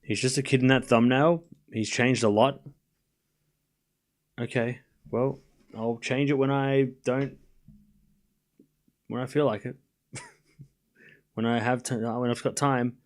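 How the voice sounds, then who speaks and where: A man's voice: mid-range voice, steady tone, slow, long pauses. A man hosting a live tennis watchalong stream, calling the score and chatting casually with his viewers between points. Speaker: livestream host.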